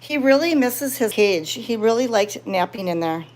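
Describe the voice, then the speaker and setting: A woman live-streaming from a cat sanctuary, chatting casually with viewers and cooing softly at the cats. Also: on the high side, lively intonation, moderate pace. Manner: soft-spoken, cooing baby talk to cats. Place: indoor cat room at a sanctuary.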